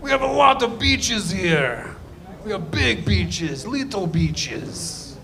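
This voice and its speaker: A man voicing an overly welcoming male car rental clerk in a mock Russian accent, slow and drawn out. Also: high voice, big pitch swings, vocal fry, sharp tone, voice pushed up, full character voice. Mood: hammy welcome.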